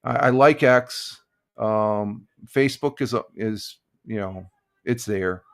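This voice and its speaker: An older man hosting a casual morning live stream, talking in a rambling, halting way with many restarts and chuckles. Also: lowish voice.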